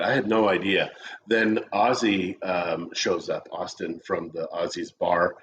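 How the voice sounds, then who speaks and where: A man's voice: low voice, flat delivery, a little slow, a bit bright, a little hiss or hum. A middle-aged man co-hosting a casual coffee chat, joking around and telling stories with lots of animation. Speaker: co-host of a real estate chat show. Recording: dull lo-fi stream audio.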